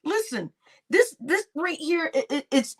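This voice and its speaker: A woman's voice: high-pitched, very animated, measured pace. A woman YouTube commentator giving casual gossip commentary, laughing often, swearing freely and repeating her phrases.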